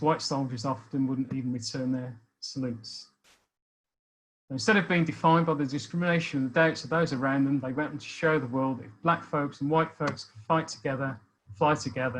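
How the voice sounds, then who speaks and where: A man in his sixties from Birmingham with a Birmingham accent, talking about his life in a thoughtful, hesitant way with many pauses and restarts. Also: a little high, a bit bright, slight background noise, rough recording. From Birmingham, England. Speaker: speaker sharing life experience. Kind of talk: reflective personal talk.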